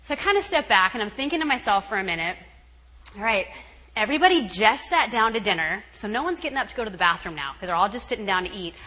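A young woman as guest speaker telling a story, animated, acting out her own thoughts with shouts and laughs. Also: mid-range voice, fast. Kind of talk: storytelling talk. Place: camp meeting hall. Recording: long hall reverb, faint ambience.

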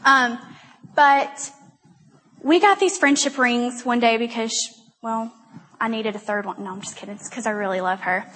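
A woman's voice: on the high side, a bit bright, slight background noise. A young woman giving a rambling, self-deprecating testimony talk at a church gathering. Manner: chatty, rambling, self-deprecating and quick to laugh. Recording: long reverb of a hall.

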